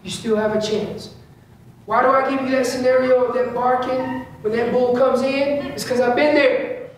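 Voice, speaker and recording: A man's voice: very high voice, steady tone, normal speed. Man teaching elk calls in an echoey hall. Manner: repeats key phrases, voices what elk think, casual slang. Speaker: elk-calling seminar instructor. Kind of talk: informal hunting seminar talk. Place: large indoor store seminar space. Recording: echoey room, speaker far from mic, faint hum.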